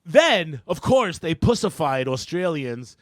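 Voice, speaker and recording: A man's voice: on the high side, very animated, slow pace, no room sound, studio quality. A young man co-hosting a comedy podcast, riffing brashly and profanely in casual banter.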